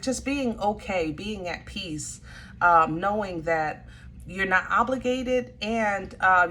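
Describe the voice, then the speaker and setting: A woman's voice: mid-range voice, sharp tone, a little hiss or hum. A woman giving a casual, chatty tarot reading and speaking straight to her viewers, with plenty of colloquial asides. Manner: chatty, colloquial, addresses viewers directly with frequent "you know". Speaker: tarot reader.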